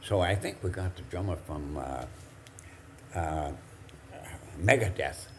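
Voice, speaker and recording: A man in his eighties with a very deep, low voice tells rambling, halting anecdotes. He stumbles, restarts and chuckles along as he goes. A faint hiss sits behind him. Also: expressive, a bit bright. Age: 80s. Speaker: guest, drumstick maker. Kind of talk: anecdotal storytelling.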